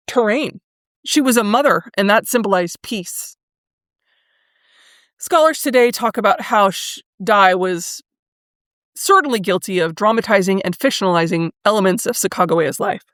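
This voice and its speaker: A woman hosting a solo history podcast, talking in a thoughtful, conversational way, with fillers and pauses now and then. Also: mid-range voice, dry recording, clean studio sound. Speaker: podcast host.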